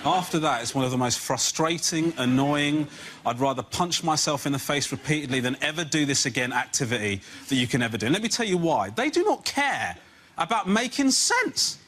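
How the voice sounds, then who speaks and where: A man on a comedy panel show, ranting in an exasperated stand-up style that rises to near shouting. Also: medium pitch, a little fast, slight background noise. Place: television studio with audience.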